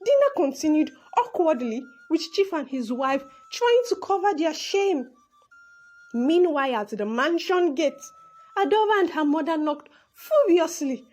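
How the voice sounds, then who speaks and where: A woman's voice: high-pitched, animated, measured pace, a little mellow, faint music behind. A woman narrating a children's folk tale and shifting her voice for each character. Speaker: storyteller.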